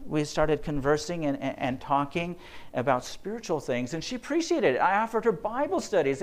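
A man, a physician, giving a faith-based lecture to health workers, telling earnest stories and acting out the quotes. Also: fairly high pitch. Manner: earnest storyteller, acts out quotes.

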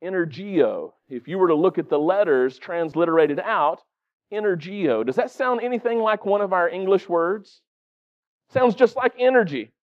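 High-voiced middle-aged preacher. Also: male voice, moderate pace, lo-fi sound. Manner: conversational, quizzing the congregation. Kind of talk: sermon.

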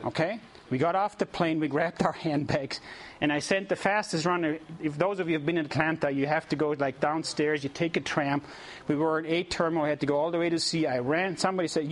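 A man preaching and telling a lively story to a congregation, animated and often chuckling as he addresses the audience directly. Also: on the high side, fast, a little hiss or hum. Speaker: preacher leading mission trips. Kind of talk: storytelling sermon.

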